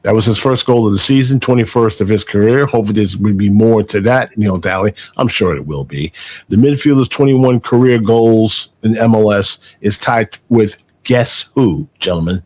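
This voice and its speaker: A man's voice: on the low side, normal speed, darkish tone. A man hosting a casual sports podcast, rambling with many fillers and restarts as he reads out stats. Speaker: podcast host.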